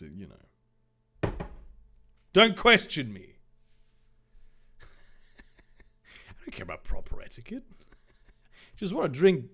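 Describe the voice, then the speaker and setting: Guy mocking a bad fanfic, slow sardonic asides, voice jumps around. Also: mid-range voice, a bit bright. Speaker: host reading a fan story aloud. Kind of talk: comedic reading with commentary.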